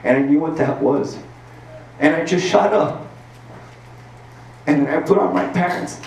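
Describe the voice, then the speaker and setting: A man's voice: on the high side, a little slow, creaky, noisy background. A man from El Paso, Texas, telling an earnest personal story on a stage as a stand-up comedian, full of filler words. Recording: roomy sound from a distance.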